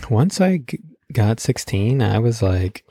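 A man telling funny stories in a casual podcast chat, acting out the people he quotes with sudden high-pitched voices and frequent laughter. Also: slow pace, dry recording, clean studio sound. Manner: animated storyteller, acts out quotes with big pitch jumps, laughs often. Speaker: podcast host.

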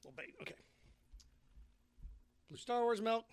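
Chatty man with a high voice. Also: animated, brisk, fairly bright tone. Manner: jokey and rambling, hums and sings along. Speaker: podcast host. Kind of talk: casual chat while mixing a drink.

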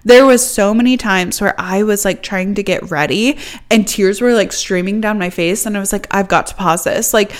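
A woman's voice: mid-range voice, normal speed. A young woman hosting her own podcast, talking in a chatty, upbeat way with lots of fillers and laughter. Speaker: podcast host. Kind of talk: casual solo podcast chat.

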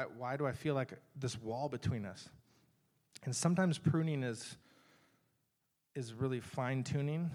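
A man preaching a sermon in a conversational, earnest way, with frequent restarts and asides to the congregation. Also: medium pitch. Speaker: pastor.

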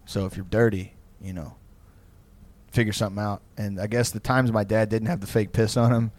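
A man's voice: lowish voice, fairly even intonation, a little fast, a little mellow, no echo. A young man co-hosting a podcast, telling rambling, profane stories in casual chat. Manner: profane, rambling storytelling with frequent laughs. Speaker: podcast co-host.

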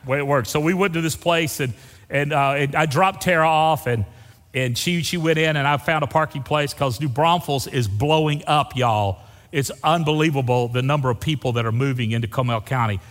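An older pastor with a drawl delivers a folksy, animated sermon and peppers the congregation with questions. His voice sits a little high for a man. It rings out with a long hall reverb from the sanctuary. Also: moderate pace. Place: church sanctuary.

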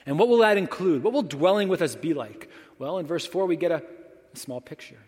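A young adult man preaching a sermon as pastor, moving between firm proclamations and soft, hushed lines. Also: fairly high pitch, expressive, a little fast. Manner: dynamic, swings between loud proclamation and hushed near-whisper. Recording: long hall reverb.

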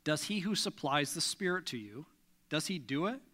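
In a church sanctuary, a middle-aged pastor preaches earnestly and emphatically, pressing his listeners with questions. His voice is a little high, animated, pushed and bright, at a normal speed.

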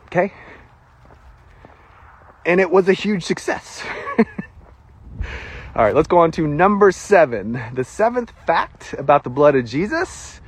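A man with a Southern US accent preaches a casual sermon in a chatty, self-deprecating way. His pitch sits high for a man and swings widely, and his voice has a husky edge. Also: very animated, a little slow, pauses often.

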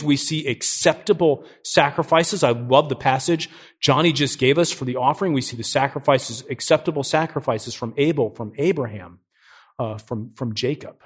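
A middle-aged man preaching a sermon as pastor, energetic and joking, often asking his listeners questions. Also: mid-range voice, breathy edge.

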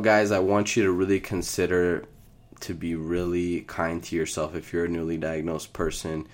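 A young man with a very low, deep voice tells a story in a loose, rambling podcast monologue. He jumps around, corrects himself and laughs along the way, relaxed and chatty. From Iraq. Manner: scattered, rambling, laughs through his story. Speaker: podcast host.

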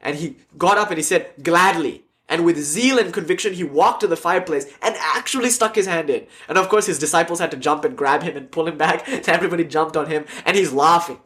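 Speaking fast with hardly any pauses, a man with a fairly high pitch gives a relaxed lecture as a spiritual teacher. He tells stories with animation and acts out quotes for a class with an online audience.

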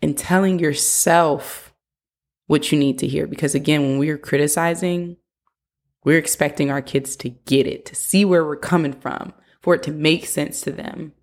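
A young adult woman with a deep, darkish voice hosts a parenting podcast, speaking in a steady tone at a moderate pace. She gives casual advice earnestly, in a coaching manner, sometimes acting out what a parent might say.

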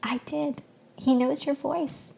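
A woman voicing a gentle, affectionate older mother in a read-aloud story, speaking softly. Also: sits high, little pitch movement, takes it slowly, gravelly, pitched above the performer's own voice, full character voice.

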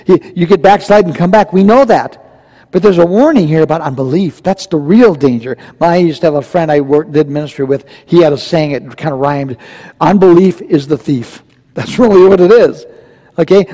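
A man's voice: fairly high pitch, moderate pace, dark tone. A male pastor preaching a verse-by-verse sermon in a conversational, emphatic way, often asking the congregation questions. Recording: long reverb from a large hall.

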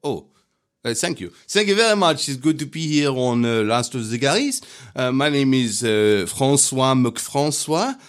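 A man playing a bumbling male folk singer, halting and full of uhs. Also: medium pitch, sing-song.

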